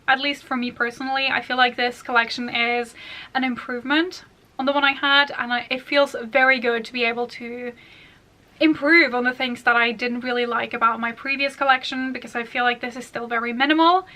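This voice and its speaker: High bright-voiced chatty woman vlogger. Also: steady tone, brisk. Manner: rambling, casual, many "like" and "kind of" fillers. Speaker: beauty vlogger. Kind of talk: chatty makeup collection vlog.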